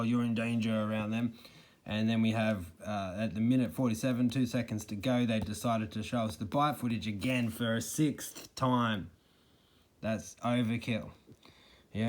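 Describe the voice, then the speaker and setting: A man's voice: medium pitch, darkish tone. A man with an indignant, mocking manner, giving critical commentary to camera and picking apart a news report. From Australia. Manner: indignant, with mocking quoted soundbites. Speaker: snake catcher giving commentary.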